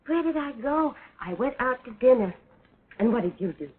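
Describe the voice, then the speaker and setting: A woman's voice: on the high side, lively intonation, normal speed, lightly acted. An actress playing a doting young woman who coaxes and plays with a small child in an early talkie. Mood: tender. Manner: tender, playful, coaxing, laughs often. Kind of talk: early talkie film acting. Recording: tinny scratchy 1920s film soundtrack.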